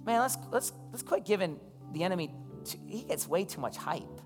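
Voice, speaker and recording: A man with a high-pitched, animated voice preaches as a pastor in a church hall, speaking at normal speed over soft background music. His sermon unfolds as conversational storytelling, and he asks the congregation questions. The recording has a long hall reverb with soft keys.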